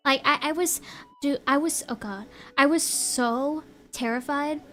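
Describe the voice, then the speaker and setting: A woman's voice: high voice, unhurried, fairly bright tone, faint music behind. A young woman chatting on a live stream in a bubbly, giggly, rambling way. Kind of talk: casual live-stream chat.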